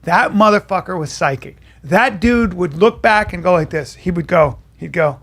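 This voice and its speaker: Gravelly man telling animated stories. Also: a little high, moderate pace. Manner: animated storyteller, acts out quotes, swears freely. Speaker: podcast co-host. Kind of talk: casual chat, storytelling.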